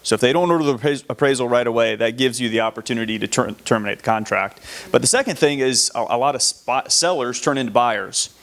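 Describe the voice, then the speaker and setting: Calm Southern male agent, mid pitch, practical and matter-of-fact. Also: fast, vocal fry. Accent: Southern American. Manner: plain, steady, practical, a few restarts. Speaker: real estate agent co-presenter. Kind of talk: instructional talk.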